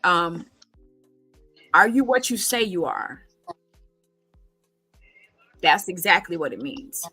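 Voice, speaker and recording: A middle-aged woman hosts a casual conversation, her voice bright and forceful. She talks emphatically, pressing with rhetorical questions and pausing on frequent ums and restarts. Soft music sits faintly behind her. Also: on the low side, expressive, slightly rough, no room sound, low-quality recording. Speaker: podcast host.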